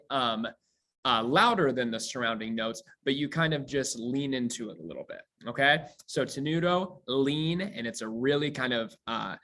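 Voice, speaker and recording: A man teaching a recorded high school music theory lesson, explaining casually with many ums and uhs. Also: fairly bright tone. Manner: explains casually with many fillers, sings scale demonstrations.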